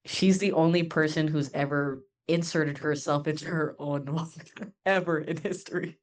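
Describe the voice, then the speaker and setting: A woman co-hosts a casual anime reaction chat in a somewhat low voice. She is blunt and jokey and jumps in with her own points. Her talk is loose and conversational. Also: fairly even intonation. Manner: blunt, jokey, quick to interject. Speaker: co-host.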